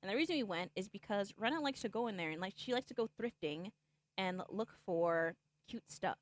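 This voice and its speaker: Retelling a game's plot for her stream, this woman rambles casually, peppering it with "like" and "okay?" and performing the characters' lines. She speaks in a mid-range voice, animated and a little fast, on a dry recording.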